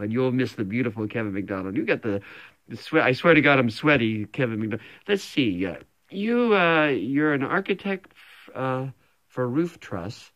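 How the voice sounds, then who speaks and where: A man's voice: mid-range voice, expressive, normal speed, a bit bright, muffled recording. A man in his fifties, sweaty after a run, rambling through a comic video message full of stammers and self-mockery. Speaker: comedian recording a personal video message.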